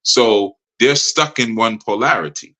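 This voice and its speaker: Man, low pitch, bright forceful tone, spiritual teacher, slips into mimicked voices. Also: low-quality recording. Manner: acts out other people's voices in quick quoted asides. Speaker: spiritual teacher leading a live study session. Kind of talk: live teaching with a call-in participant.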